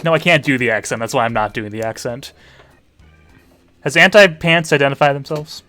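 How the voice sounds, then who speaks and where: A man's voice: medium pitch, brisk, sharp tone, no room sound, soft background music. A man, a teacher hosting a party game stream for students, chatting casually with dry offhand asides as he sets up rounds. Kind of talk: casual livestream chat.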